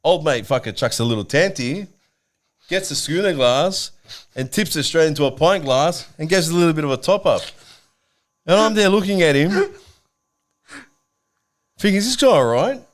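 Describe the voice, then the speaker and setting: A man with an Australian accent telling a pub story in casual chat, blunt and swearing, with lots of animated storytelling. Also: on the high side, normal speed, long pauses. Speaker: podcast co-host.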